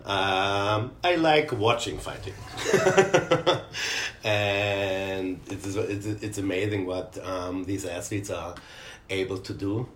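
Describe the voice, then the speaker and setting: A man talking as a guest about working with athletes, hesitant and halting, often trailing off softly. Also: deep voice, a little hiss or hum. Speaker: guest who works with athletes. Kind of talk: casual conversation. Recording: echoey room.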